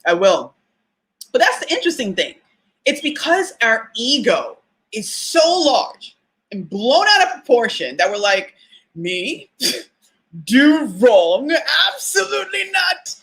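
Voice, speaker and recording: A woman hosting a casual live talk for listeners, chatty and animated, laughing often and using fillers. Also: medium pitch. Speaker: podcast host.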